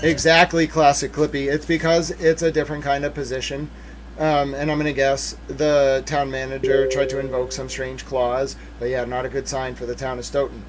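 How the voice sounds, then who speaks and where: A man's voice: medium pitch, normal speed, background noise. A man hosting a casual livestream, talking through documents and joking playfully with his chat. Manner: chatty, playful, emphatic when excited. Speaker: livestream host.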